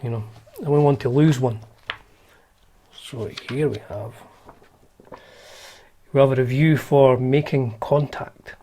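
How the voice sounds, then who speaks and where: A man's voice: mid-range voice, fairly even intonation, slow pace, long pauses, mellow, a little hiss or hum. A man hosting a guitar channel, chatting casually and wryly through old magazines, with lots of fillers and restarts.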